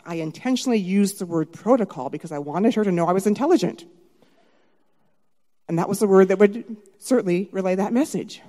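A middle-aged woman telling a personal story live on stage, animated and dramatic, swinging from hushed asides to shouted lines. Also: fairly low pitch, brisk, big-room sound.

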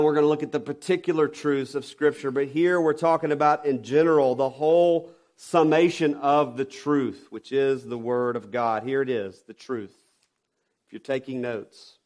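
A male pastor with a medium-pitched voice preaches emphatically, posing rhetorical questions and swinging from loud stresses to quiet drops.

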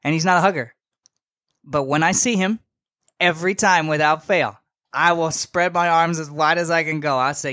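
A young man hosting a podcast, telling a story in a casual, animated and slangy way, emphatic and full of asides. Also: a little high, normal speed, no room sound, studio quality. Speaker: podcast host.

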